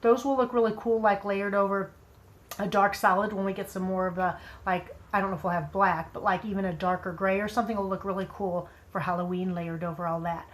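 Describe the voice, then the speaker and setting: A woman casually demonstrating how to apply nail strips, chatting and rambling with friendly asides, a frog in her throat that makes her clear it now and then. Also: mid-range voice, steady tone, a little fast. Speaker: nail product seller demonstrating application.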